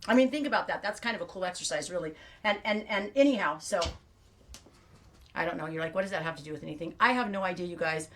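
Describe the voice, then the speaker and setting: A woman's voice: on the low side, fast talker, far from the mic, a little hiss or hum. A middle-aged woman hosting a knitting livestream, chatting in a rambling, self-deprecating way. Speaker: knitting show host.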